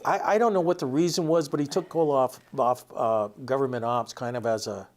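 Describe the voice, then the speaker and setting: A man's voice: mid-range voice, fairly even intonation, a little fast. A middle-aged man with a Vermont accent, an author chatting as a guest and telling stories about an old friend with chuckles. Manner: storytelling, chuckles while recounting anecdotes. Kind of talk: casual interview chat.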